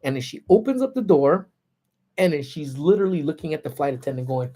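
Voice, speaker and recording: A man hosting a casual livestream, telling stories in an animated, laid-back way with lots of slang, from a parked car. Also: a little high, fast talker. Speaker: livestream host. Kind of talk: casual storytelling.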